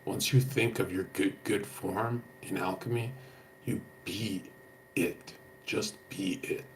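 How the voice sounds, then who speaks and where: A man's voice: lowish voice, fairly even intonation, slow pace, a little hiss or hum. A young man talking to his stream chat in a blunt, slangy way, swearing and saying "bro" a lot. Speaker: livestreamer answering chat.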